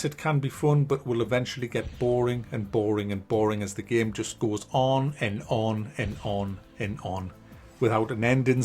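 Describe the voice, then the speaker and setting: A man giving a blunt, animated spoken review of a video game, swearing freely. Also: medium pitch.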